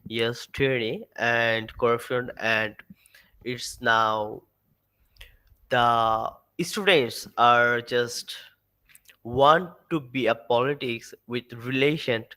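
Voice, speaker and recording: A man calling in as a guest, talking haltingly with restarts and frequent uh. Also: mid-range voice, bright, forceful tone, poor audio. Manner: halting, restarts and asks if he can be heard. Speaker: call-in guest. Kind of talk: casual remote call-in chat.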